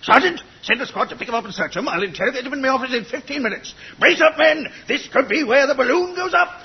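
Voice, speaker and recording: An actor playing a blustering, suspicious army major in a comedy sketch, barking orders in a bombastic way. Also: male voice, very high voice, expressive, racing, a little hiss or hum. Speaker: army major commanding an isolated gun site. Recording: dull lo-fi old recording.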